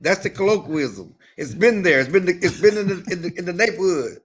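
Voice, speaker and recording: A man co-hosting a sports podcast in casual chat, animated and given to repeating himself. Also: sits high, quick pace, husky. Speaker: podcast co-host.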